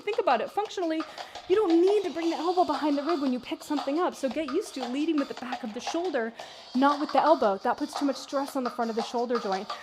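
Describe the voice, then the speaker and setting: A woman fitness instructor guiding a workout, counting reps and calling breath cues in a steady rhythm. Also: sits high, noisy background. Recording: music playing behind the voice. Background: workout music.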